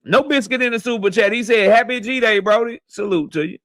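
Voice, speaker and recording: A man hosting a boxing livestream who greets viewers by name in loud, slangy, profane banter. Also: high voice, brisk, dry recording, clean studio sound. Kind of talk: casual livestream chat, shouting out viewers.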